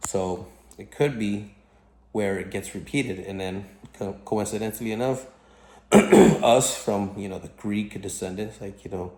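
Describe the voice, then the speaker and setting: A man casually recounting a dream in a halting, rambling way, full of fillers and restarts. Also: fairly low pitch, a little mellow, echoey room.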